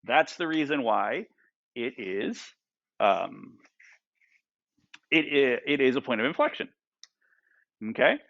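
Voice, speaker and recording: A man's voice: mid-range voice, big pitch swings, slow, vocal fry, pauses often, fairly bright tone, no room sound, lo-fi sound. A male math teacher lecturing a class. He asks the students lots of questions and keeps checking in with "right?" and "okay?".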